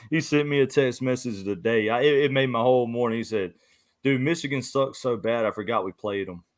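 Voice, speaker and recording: A man's voice: mid-range voice, brisk. A man visiting a casual chat, talking in a laid-back way and saying "man" and "dude" a lot. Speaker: guest.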